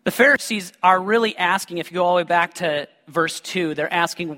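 A man preaches in a large hall, his voice high and bright, ringing with a long reverb. He weaves scripture with lively personal stories and tosses joking asides to the congregation. The delivery is animated and full of humor. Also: fairly quick. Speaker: pastor. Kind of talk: sermon with personal storytelling.

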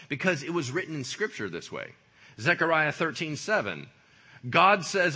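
A man preaching a sermon in a lively, conversational way, full of casual slang. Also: on the high side, moderate pace, breathy edge. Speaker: pastor.

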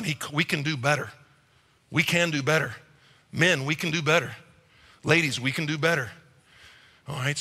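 A middle-aged male pastor preaching a sermon in a church, animated and acting out quick quoted voices. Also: mid-range voice. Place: church auditorium. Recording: reverberant church hall.

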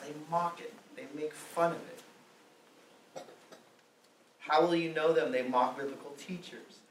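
A man's voice: a little high, a bit bright, a little hiss or hum. A man preaching a sermon, pressing his point with repeated rhetorical questions. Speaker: pastor. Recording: roomy echo, mic at a distance, faint ambience.

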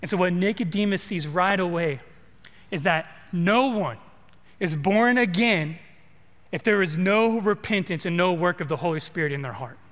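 A man's voice: high-pitched, normal speed, fairly bright tone, big-room sound. A man from California preaching a sermon in a casual, conversational way, repeating words and asking the congregation questions. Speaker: pastor.

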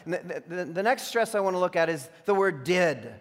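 A man preaching a sermon as a pastor, switching between emphatic declarations and hushed, imagined voices of temptation. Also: sits high, lively intonation, a little fast. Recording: long reverb of a large hall.

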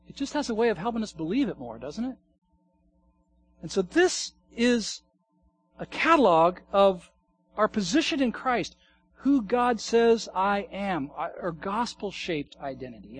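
High-voiced pastor preaching earnestly. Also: male voice. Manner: earnest, wide swings from hushed to emphatic. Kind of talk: sermon.

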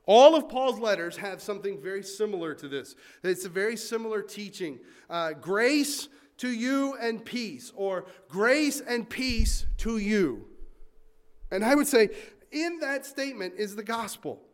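A man preaching a sermon, swinging from loud emphatic points to quiet asides and acting out listeners' complaints in mock voices. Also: high voice, animated, a little slow. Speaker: pastor.

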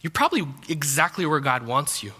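A man's voice: a little high, very animated, brisk, sharp tone, husky. A young man preaching a sermon as pastor, talking in a conversational, joking way. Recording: long hall reverb.

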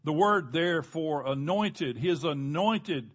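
A male pastor delivering a sermon with a slightly high voice. He preaches earnestly, stretching out key words and dropping low for emphasis, and calls on the congregation to answer back. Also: animated, slow pace.

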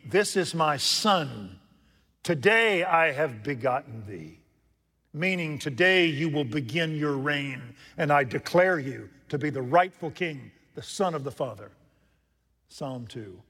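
A man preaching a sermon from the pulpit, jumping from loud emphatic lines to hushed asides and putting questions to his congregation. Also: a little high, animated, slow, slightly rough. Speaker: pastor. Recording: long reverb from a large hall.

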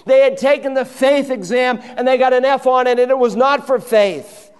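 Male pastor, high resonant voice, impassioned sermon delivery, big reverberant church. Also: steady tone, normal speed, clean tone. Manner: impassioned preaching, acting out quoted voices. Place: church sanctuary.

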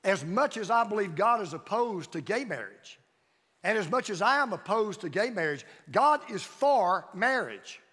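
A male pastor delivers a sermon in a fairly high voice, driving his points home through emphatic repeated phrases. His voice rings out with a long hall reverb around it. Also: lively intonation, moderate pace, sharp tone. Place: church sanctuary.

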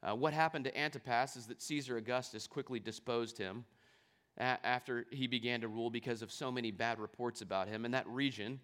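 A man preaching at a mid-range pitch, reading scripture and then unpacking it plainly. He explains step by step and poses questions to his listeners before answering them himself. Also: steady tone, brisk, fairly bright tone. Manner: explanatory, asks the audience rhetorical questions. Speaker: pastor.

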